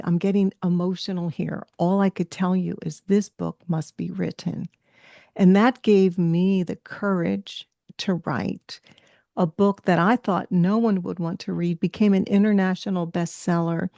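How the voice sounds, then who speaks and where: A woman's voice: on the low side, fairly even intonation, unhurried, creaky, dark tone, dry recording, clean studio sound. A woman hosting a podcast interview, talking in an effusive, encouraging way and sharing a personal story. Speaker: podcast host.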